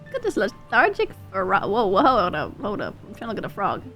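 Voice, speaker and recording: A woman streamer chatting casually while she plays a game, excitable and quick to swear. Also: medium pitch, faint music behind. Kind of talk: casual gameplay livestream chat.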